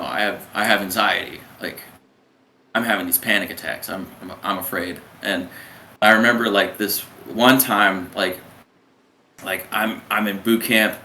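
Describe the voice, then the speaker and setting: A man's voice: lowish voice, pushed and bright. A young man in his twenties, a submariner, telling his story as an interview guest in a rambling way, full of fillers and restarts. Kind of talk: casual conversational storytelling. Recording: roomy echo, faint background noise.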